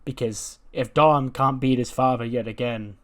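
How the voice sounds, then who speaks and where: A man voicing an arrogant male heel wrestler who taunts his rivals slowly and deliberately. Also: medium pitch, fairly bright tone, natural voice. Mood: taunting. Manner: slow, taunting, drawn-out.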